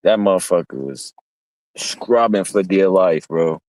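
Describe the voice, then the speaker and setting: A man's voice: low-pitched, unhurried, a little mellow, no echo. A young man streaming, telling a profane, rambling story in casual street talk and acting out the voices of the people in it. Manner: acts out quoted voices. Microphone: streaming mic.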